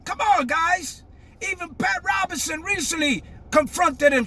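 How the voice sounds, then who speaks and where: An older man, giving a fiery, emphatic monologue that breaks into shouting. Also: very high voice, a little slow. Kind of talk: impassioned monologue.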